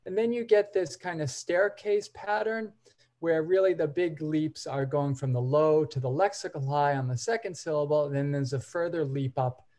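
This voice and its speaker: A man co-presenting an academic seminar, explaining examples in a measured, step-by-step way. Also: a little high, a little mellow.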